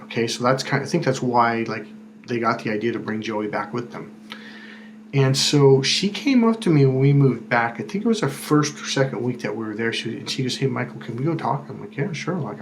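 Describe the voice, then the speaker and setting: Male self-help coach, chatty and unscripted, slips into quoted voices, faint noise underneath. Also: medium pitch. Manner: conversational, repeats words, acts out quoted voices. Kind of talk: casual spoken advice monologue.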